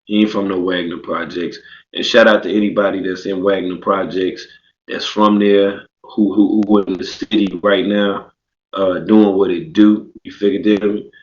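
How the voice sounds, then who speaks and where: Low voiced guy ranting on his livestream, cussing a lot, echoey room. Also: little pitch movement, normal speed. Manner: loose, profane, lots of fillers. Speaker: livestream host. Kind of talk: casual livestream commentary. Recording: echoey, muffled stream audio.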